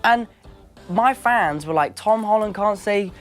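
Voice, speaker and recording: A man's voice: high-pitched, a little slow, faint music behind. A young English man telling stories in a casual interview, playful, acting out quotes and laughing easily. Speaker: actor guest.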